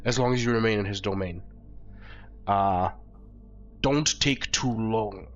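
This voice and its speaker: A hoarse man voicing a languid female vampire official who lays out rules in a businesslike way in a tabletop game. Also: fairly low pitch, a little slow, natural voice. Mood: instructing. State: hoarse from flu. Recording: dull lo-fi recording, faint music.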